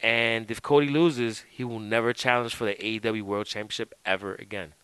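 A man hosts a wrestling podcast, chatting loosely, swearing freely, leaning on "like" and "dude," and sipping a drink as he talks. His voice is fairly low with fairly even intonation, a little fast, and a bit bright, with a clear, resonant tone. The recording is rough but has no room sound.

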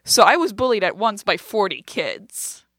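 Animated woman telling a story, dry sound. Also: medium pitch, moderate pace, no echo. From Lebanon. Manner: animated, self-deprecating storyteller who acts out quotes. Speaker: comedian guest. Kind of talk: casual conversational storytelling.

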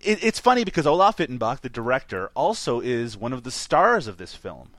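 A man co-hosting a casual podcast movie review, animated and laughing often as he explains details. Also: mid-range voice, brisk, dry recording. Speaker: podcast co-host.

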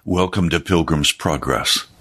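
A man's voice: very deep voice, unhurried, bright, forceful tone. A man speaking as a pastor, hosting a broadcast and talking in a solemn, earnest sermon style while recovering from losing his voice. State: recovering from a lost voice.

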